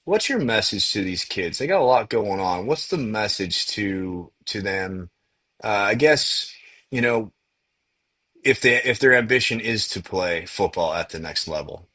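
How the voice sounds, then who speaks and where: A man hosting a podcast interview, enthusiastic and halting, with fillers. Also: lowish voice, animated, sharp tone, slightly rough. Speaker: podcast host.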